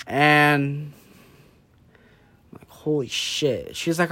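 A man's voice: medium pitch, measured pace. A drunk young man in casual late-night chat, rambling loosely and drifting off track.

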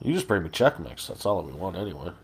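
A man's voice: low-pitched, very animated, fast talker, heavy background noise. A man co-hosting a podcast, bantering and teasing his friends. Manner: joking, teasing. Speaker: podcast co-host. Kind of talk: casual banter.

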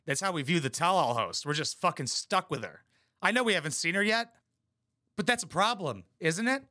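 A man with a bright, forceful tone, pitched a little high, reacts to a reality show in a crude, mocking way. His voice is close and dry, and he delivers blunt put-downs in casual, profane chatter. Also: lively intonation, a little fast, dry recording. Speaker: reaction commentator.

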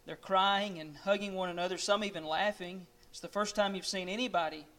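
A man's voice: sits high, steady tone, brisk, sharp tone. A man preaching, telling a dramatic story in the second person to his listeners. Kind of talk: sermon storytelling.

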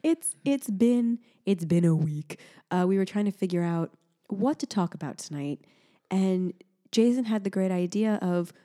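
Chatty young woman, mellow low voice. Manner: chatty and animated, laughs often. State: sleep-deprived. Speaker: podcast co-host. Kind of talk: casual chat.

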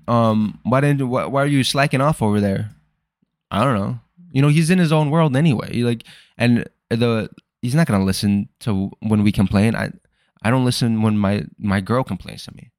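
A man's voice: mid-range voice, darkish tone, no room sound, clean studio sound. A young man hosting a podcast, rambling through a casual, profane and self-deprecating personal monologue. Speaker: podcast host.

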